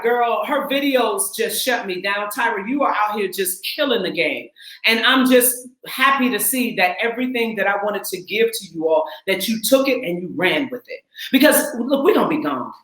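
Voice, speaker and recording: A woman in her forties from the Twin Cities, an actress and acting coach, talking casually and emphatically, sometimes laughing and rising into shouts. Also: a little high, animated, moderate pace, reverberant, poor audio. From Twin Cities, Minnesota. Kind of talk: casual heartfelt talk.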